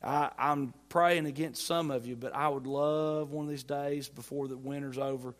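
A man preaching a sermon as pastor, folksy and playful, swinging between loud emphatic lines and quiet asides. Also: mid-range voice, fairly even intonation, moderate pace. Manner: folksy humor, playful mock dialogue.

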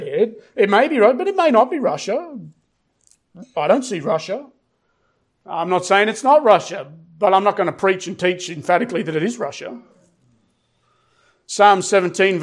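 A middle-aged man delivers a sermon in a fairly high voice. He hammers key words through repetition, and he drops into a slow, weighty cadence whenever he reads scripture. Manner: emphatic, repeats phrases, slows down for scripture. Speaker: pastor.

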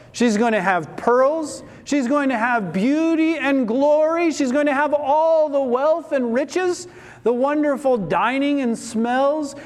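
A man with a high but darkish voice preaches an expository sermon, posing rhetorical questions and then answering them himself through emphatic repetition. A long hall reverb trails his words.

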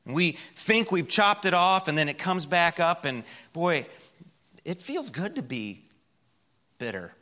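A man preaching a sermon as pastor in a church, emphatic, slowing down and dropping to a hush on key words. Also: fairly high pitch, big pitch swings.

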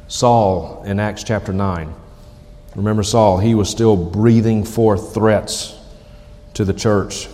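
Emphatic preacher man, lower voice. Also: a little mellow, in a large hall. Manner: emphatic, repeats key phrases slowly. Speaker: pastor. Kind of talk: sermon.

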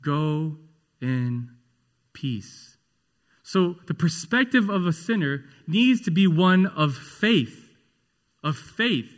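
A man preaching a sermon in a slow, earnest and emphatic way. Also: high voice, expressive.

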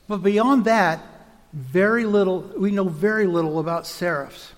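A man preaching a teaching sermon, measured and explanatory, now and then restarting a word. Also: high voice, lively intonation, big-room sound.

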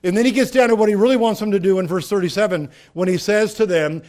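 A man's voice: high-pitched, fast, few pauses, darkish tone. A man preaching a sermon in a conversational way, asking rhetorical questions and rising to emphatic peaks. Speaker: pastor.

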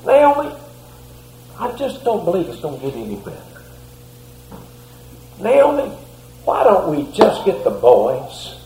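A troubled husband and father coaxing his wife to leave with him, earnest and repetitive, as a preacher acts him out. His man's voice sits on the higher side. The sound rings around an echoey room. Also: wildly swooping pitch, a little slow, long pauses, dark tone, slight background noise, heavily acted. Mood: pleading. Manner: pleading, earnest, repeated coaxing. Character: worried husband and father pleading to move.

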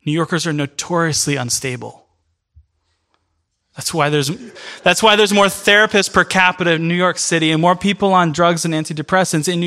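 A man preaching a sermon in an earnest, emphatic way, speeding up in bursts and then slowing down. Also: fairly high pitch, sharp tone. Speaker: pastor. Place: church in New York City.

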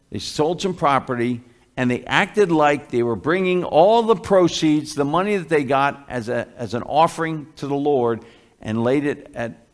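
A man preaching a sermon as a pastor, conversational, with many fillers and restarts. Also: mid-range voice.

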